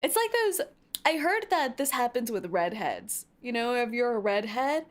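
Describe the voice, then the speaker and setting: A woman streaming a video game, reacting in a giggly, excitable, jokey way. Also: fairly high pitch, normal speed. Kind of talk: casual let's-play commentary. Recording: loud game music behind.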